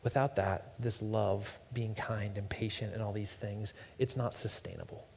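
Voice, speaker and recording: This pastor, in his thirties, speaks in a steady, creaky, somewhat mellow voice on the low side at a moderate pace. He preaches in a church sanctuary, telling casual stories, repeating words, and being self-deprecating. Long church-hall reverb and slight background noise are audible.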